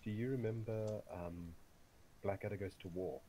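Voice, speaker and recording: A man chatting while playing an online game, telling stories in a relaxed way with lots of fillers. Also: lowish voice, a little hiss or hum. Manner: storytelling, relaxed, drawn-out pauses with fillers. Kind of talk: casual chat while gaming.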